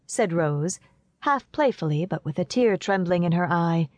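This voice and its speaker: A woman narrating a classic novel as an audiobook, telling the story in an even, measured way. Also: on the low side, no echo.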